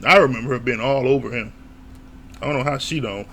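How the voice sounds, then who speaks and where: A man giving a casual, opinionated recap of a reality show, blunt and quick to laugh or swear. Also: medium pitch, sharp tone, slight background noise.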